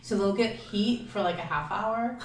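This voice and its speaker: A woman's voice: medium pitch, moderate pace, slight background noise. Woman host, casual chatter, heard from a distance in an echoey room. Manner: chatty, laughs often, many fillers. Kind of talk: casual chat. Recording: roomy, from off-mic.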